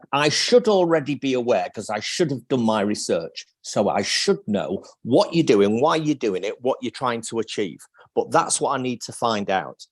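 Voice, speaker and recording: Animated male video-call guest. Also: medium pitch, normal speed, husky. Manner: thinks aloud with restarts and acted sales lines. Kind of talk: live video-call interview.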